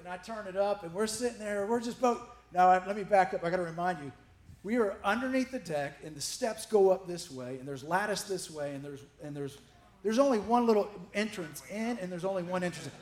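A male pastor telling a funny story to his congregation as part of a sermon, animated and laughing as he goes. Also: sits high, reverberant.

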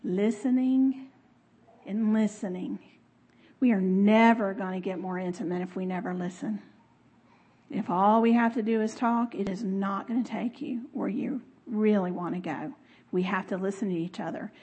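A middle-aged woman giving a conversational sermon, expressive, laughing often and talking with the audience. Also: mid-range voice, normal speed, husky, muffled recording. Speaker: speaker.

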